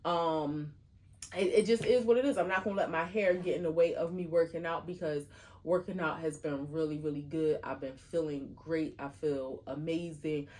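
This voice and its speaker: A woman's voice: low voice, moderate pace, slight background noise. Chatty woman podcast co-host. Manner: chatty, animated, many fillers. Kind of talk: casual chat.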